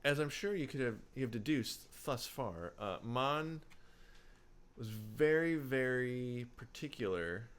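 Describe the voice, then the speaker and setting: A man's voice: medium pitch, expressive, a little slow, smooth. A man co-hosting a casual book podcast, rambling with many fillers and restarts. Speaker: podcast co-host. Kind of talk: casual book-club chat.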